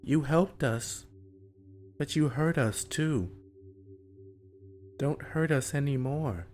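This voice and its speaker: A man voicing a little girl who speaks quietly and firmly to her dead brother. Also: fairly high pitch, slow pace, faint music behind, voice pushed up. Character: small girl, quiet and firm.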